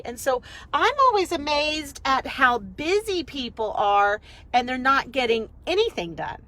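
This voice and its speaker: Chatty high-voiced woman on a car drive. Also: a little slow, poor audio. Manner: chatty, rambling, energetic storyteller. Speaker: business coach. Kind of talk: casual live video chat.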